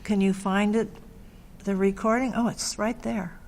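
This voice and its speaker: A woman's voice: medium pitch, fairly even intonation. A woman working as an adult literacy tutor, speaking patiently with encouraging praise and careful explanations. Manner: patient, warm praise, slow clear explanations.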